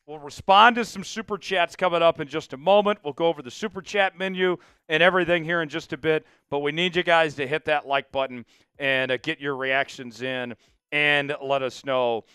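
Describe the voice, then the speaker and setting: A man's voice: fairly high pitch, steady tone, normal speed, sharp tone, clean tone, no room sound, clean studio sound. Hyped man hosting a sports livestream. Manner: hyped, pleading with viewers, mock outrage. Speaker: livestream sports show host. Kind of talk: casual live-stream chat.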